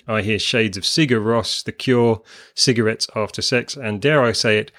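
A man's voice: lowish voice, moderate pace, a bit bright. A man co-hosting a music podcast, chatting in a rambling, self-deprecating way. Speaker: podcast co-host. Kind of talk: casual chat about music.

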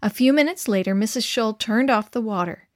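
A woman reading a children's story aloud to young listeners in a gentle, clear, expressive way. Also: a little high, fairly quick, dry recording, studio quality.

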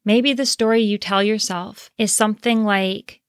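A woman's voice: medium pitch, steady tone, dry recording. Woman life coach talking earnestly, leans on key words, dry close sound. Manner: earnest, slow and emphatic on key phrases. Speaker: confidence coach. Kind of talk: motivational talk to camera.

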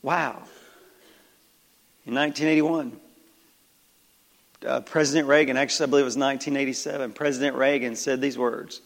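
A male pastor with a Southern country accent preaching a folksy sermon full of rhetorical questions, swinging between loud and hushed. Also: medium pitch, fairly even intonation, moderate pace, creaky, long pauses, big-room sound. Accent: American Southern country. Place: church sanctuary.

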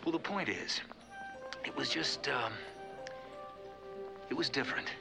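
A man's voice: medium pitch, animated, measured pace, gravelly. An actor playing an evasive male government agent who fumbles for words, heard in a TV clip. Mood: hesitant. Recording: TV soundtrack clip with loud music.

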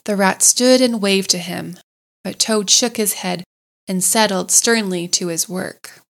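A woman narrates a classic storybook in a gentle, measured voice. Her pitch sits in an ordinary middle range, calm and unhurried. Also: gravelly. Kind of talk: storybook read-aloud.

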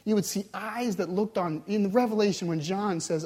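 A male pastor delivering a sermon, swinging between loud, urgent passages and hushed, intense ones. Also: high voice, normal speed, husky.

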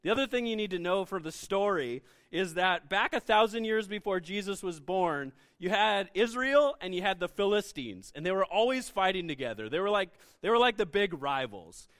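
Young male pastor, high-pitched, casual and lively delivery to a congregation. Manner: lively, conversational, asks the audience questions. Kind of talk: sermon.

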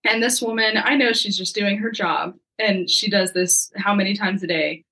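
A young woman, a podcast guest, telling a story in a lively, casual way and acting out the lines of the people in it. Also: medium pitch, moderate pace, rough recording. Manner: lively, acts out quoted dialogue.

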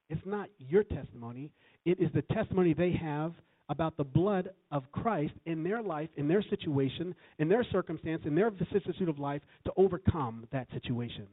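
A man delivers a sermon, weaving scripture quotations and an anecdote with emphatic rises. His voice sits a bit high. The sound is dry and narrow, like it comes through a phone. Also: expressive, normal speed, no room sound. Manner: storytelling, quoting scripture with emphatic swells. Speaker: preacher. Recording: tinny phone-like recording.

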